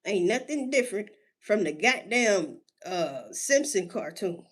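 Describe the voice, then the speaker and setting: A woman ranting casually to her listeners in street slang, cursing freely and firing off rhetorical questions, with drawn-out emphasis and sudden jumps in pitch. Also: expressive. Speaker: solo commentator. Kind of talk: casual rant.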